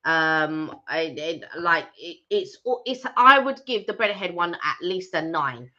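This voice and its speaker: A woman's voice: on the low side, animated, measured pace, sharp tone. A woman co-hosting a casual live stream, chatty and telling anecdotes with frequent restarts. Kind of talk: casual chat. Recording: dull lo-fi live stream audio.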